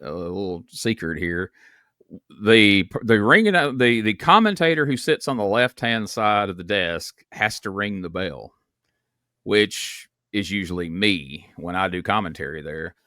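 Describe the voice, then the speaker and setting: A podcast host, chatting casually and telling stories with laughs. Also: male voice, fairly low pitch, expressive, measured pace, pushed and bright, no room sound, studio quality. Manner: storytelling, laughs, swears casually. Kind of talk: casual chat.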